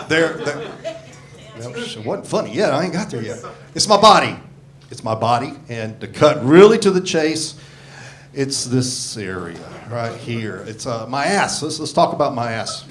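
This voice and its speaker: A man in his sixties doing a profane, self-deprecating stand-up set into a handheld microphone on a comedy club stage. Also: medium pitch. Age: 60s. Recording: live comedy club with audience laughter.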